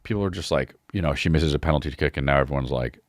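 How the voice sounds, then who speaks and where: A man's voice: a bass voice, very fast, no echo, studio quality. A man hosting a comedy podcast, ranting casually with a lot of swearing and calling people "dude.". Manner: profane, riffing, says dude a lot. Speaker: podcast host.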